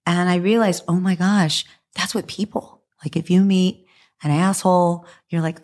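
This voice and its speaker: A woman guest on a podcast, talking casually with a hoarse voice and an animated way of acting out quotes. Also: lowish voice, moderate pace. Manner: animated, laughing, acts out quotes. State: hoarse from press junkets.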